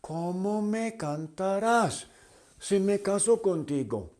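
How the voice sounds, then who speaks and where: A man's voice: high-pitched, lively intonation, slow, darkish tone, pitched above the performer's own voice. A man voicing a vain little female butterfly in a storybook tale, speaking coy and sing-song. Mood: teasing.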